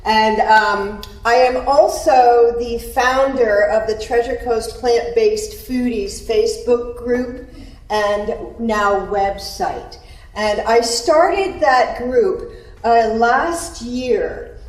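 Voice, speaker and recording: A chatty woman with a slightly high voice speaks slowly, laughing easily as she addresses an event. She sounds far from the mic, in an echoey room. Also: darkish tone. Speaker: spa owner and group founder.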